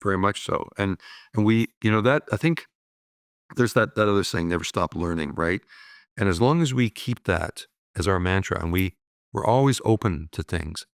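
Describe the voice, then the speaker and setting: Gravelly upbeat man in his sixties. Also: on the low side, animated, normal speed, dry recording, clean studio sound. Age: 60s. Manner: upbeat, frequent "you know" and "right?". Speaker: guest, business owner. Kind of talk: reflective conversational storytelling.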